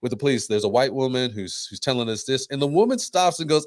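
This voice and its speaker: A man co-hosting a casual talk show, telling a story in an animated way and acting out the voices of the people in it. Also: mid-range voice, quick pace, no room sound, clean studio sound. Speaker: podcast co-host. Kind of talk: casual chat.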